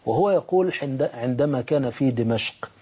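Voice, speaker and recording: A man's voice: medium pitch, animated, very fast, mellow, husky. A male talk show host briefly recapping a guest's point for viewers in a formal tone. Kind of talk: summarizing for viewers.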